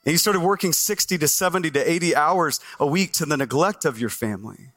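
A man pastor preaching a sermon to a congregation, animated and asking the crowd questions, recorded on a stage microphone in a church. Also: fairly high pitch, fairly quick. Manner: animated, asks the congregation questions, acts out listeners' voices.

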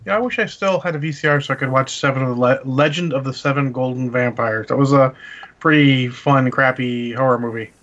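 A man's voice: medium pitch, brisk, fairly bright tone. A man hosting a podcast in casual chat, blunt and opinionated. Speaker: podcast host. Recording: slightly dull, lo-fi mic.

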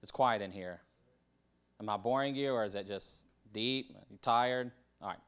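A man's voice: lowish voice, moderate pace, fairly bright tone, smooth. Conversational male pastor preaching. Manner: conversational, repeats words, asks the audience questions. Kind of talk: sermon.

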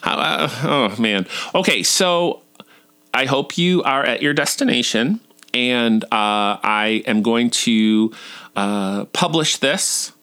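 A man's voice: lively intonation, slow pace, pushed and bright, smooth. A man in his forties hosting a podcast and reading his own blog aloud, campy and self-mocking. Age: 40s. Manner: campy, self-mocking, with high squeaky outbursts. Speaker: podcast host.

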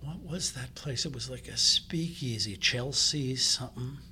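A man's voice: mid-range voice, measured pace, bright, forceful tone. A man chatting casually and teasingly with an old classmate in an interview. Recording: noisy background.

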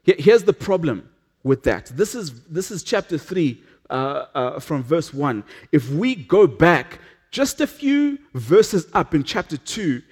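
High-voiced male pastor preaching earnestly. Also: very animated, takes it slowly, husky. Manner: earnest, with frequent restarts and dramatic drops to a hush. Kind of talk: sermon.

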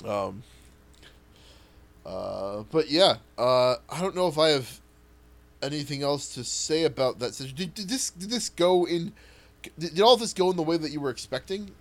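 A man tabletop player in casual chat, telling stories in a rambling, animated way and swearing casually. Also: a little high, normal speed. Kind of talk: casual podcast chat about a tabletop campaign.

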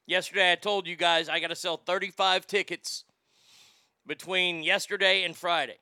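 A man hosting a casual morning live stream, reading out chat messages with loud, animated swearing. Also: high voice, normal speed, clean tone, dry recording, clean studio sound.

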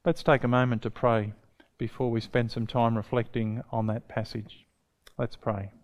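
Man, pastor, solemn measured reading, prayer, middle pitch. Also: flat delivery. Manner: solemn, measured reading, raising voice for quoted cries.

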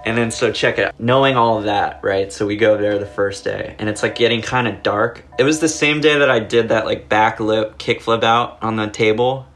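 A man's voice: on the low side, fairly even intonation, normal speed, few pauses, a bit bright. A young man telling a long story in casual chat, rambling with lots of filler words and cursing. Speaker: podcast guest.

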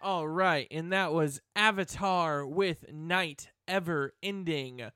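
A man hosting a rock radio show, talking fast and teasing his co-host. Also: fairly high pitch, noisy background. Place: radio studio.

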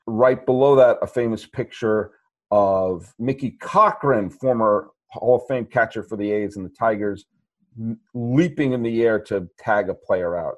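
A man hosting a sports podcast, talking through a film in a rambling, animated way with many restarts. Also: on the low side. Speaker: podcast host. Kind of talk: casual movie chat.

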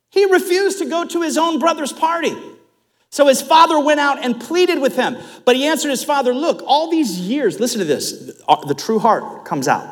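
Middle-aged male pastor, high lively voice, sermon in a church hall with long reverb. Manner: animated storytelling preacher, rising to loud emphatic peaks. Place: church sanctuary.

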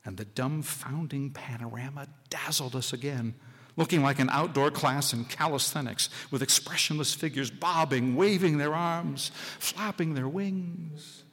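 A man giving a live stage reading of a short story, expressive and dry, in a large public hall. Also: on the high side, unhurried, husky. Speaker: story reader. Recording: live hall, long reverb.

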